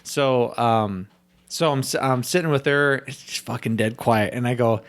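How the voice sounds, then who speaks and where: A man's voice: mid-range voice, moderate pace. A man on a casual podcast, telling a story with lots of swearing and acting out what others said. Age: has a young daughter. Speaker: podcast host.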